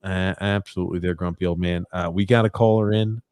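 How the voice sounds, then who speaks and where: A man's voice: deep voice, fairly even intonation, fairly quick, a little mellow, smooth, dry recording. A man hosting a sports podcast, laid-back and rambling, with many fillers, taking calls and reading comments. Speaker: podcast host. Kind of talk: casual sports chat.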